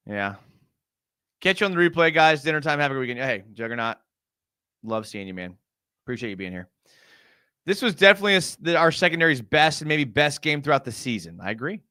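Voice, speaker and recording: A man hosts a live fan stream, his bright voice swinging all over in pitch as he rants about plays with exasperated sarcasm. He talks casually and picks up chat comments as he goes. The sound is dry and close. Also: lively intonation, brisk, long pauses, no echo. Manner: reads and answers live chat. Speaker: fan show host.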